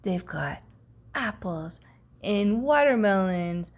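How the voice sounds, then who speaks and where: A woman reading a picture book aloud, playful and expressive, dropping to hushes for effect. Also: mid-range voice, slow. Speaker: storybook reader.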